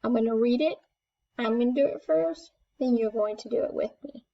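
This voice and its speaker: A woman teaching a first grade class remotely, speaking in slow, clear, encouraging steps. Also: a little high, dull audio.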